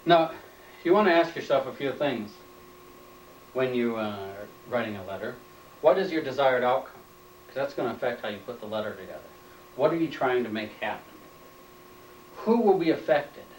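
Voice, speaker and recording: A man's voice: mid-range voice, expressive, moderate pace, long pauses, slight background noise. A man giving a training lecture, plainly stating points and repeating them as questions, recorded indoors on a camera mic from a distance. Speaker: instructor. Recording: roomy, off-mic room sound.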